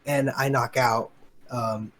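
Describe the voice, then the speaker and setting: Speaking slowly with fairly even intonation, this young male podcast co-host has a mid-range, fairly bright voice. He rambles casually through a long story, packing it with fillers and quoted lines, over slight background noise.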